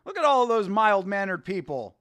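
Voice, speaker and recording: A man in his thirties hosting a casual watch-along, excitable, slangy and laughing often. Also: high-pitched, moderate pace, smooth. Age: 30s. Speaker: host.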